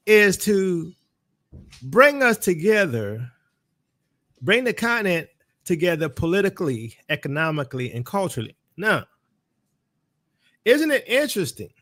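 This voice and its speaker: A man's voice: a little high, sharp tone, no echo, clean studio sound. A man with a New Orleans accent giving religious commentary, preaching style, speaking straight to his audience. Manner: preacherly, calls on the audience directly. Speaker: ministry teacher.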